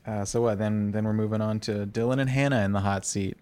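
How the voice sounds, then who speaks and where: Sardonic low-voiced man. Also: fairly even intonation, darkish tone, smooth, dry recording. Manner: sardonic, quick asides. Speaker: podcast co-host. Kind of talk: casual recap chat.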